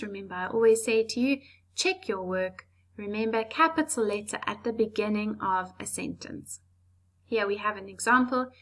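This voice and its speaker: A woman teaching an English lesson to young children, slow, clear and patient with playful asides. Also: fairly high pitch. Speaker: primary school teacher.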